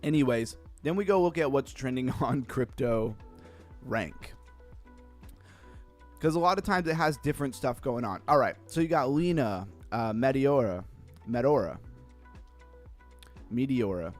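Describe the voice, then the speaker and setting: A man hosts a casual crypto livestream from home, chatting loosely with viewers at an average pitch. He often trails off into quiet mumbles between points. Faint music plays behind him. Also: expressive, moderate pace. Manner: chatty, reads chat messages aloud, trails off into low mumbles. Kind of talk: casual live-stream chat.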